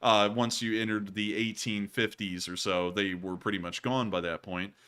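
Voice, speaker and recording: A man's voice: lowish voice, steady tone, moderate pace, a bit bright, clear, resonant tone. A man hosting, chatting casually and explaining history with lots of fillers. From United States. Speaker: host. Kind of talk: casual commentary over video.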